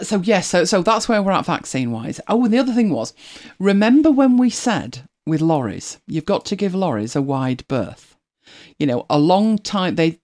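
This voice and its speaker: Host, casual chat to viewers, animated pitch, chatty and self-correcting. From United Kingdom. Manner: chatty, rambling, self-correcting, laughs often. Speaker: livestream host.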